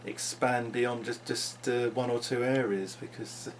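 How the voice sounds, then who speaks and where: A man's voice: mid-range voice, steady tone, unhurried, slight background noise. A man talking unscripted into his vlog, musing and rambling with frequent restarts. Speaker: vlogger.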